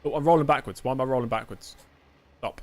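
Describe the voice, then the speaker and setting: A man's voice: medium pitch, fast, darkish tone. English male gaming streamer, casual and self-deprecating, medium voice. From England. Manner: chatty, joking, self-deprecating asides. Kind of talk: casual gameplay commentary.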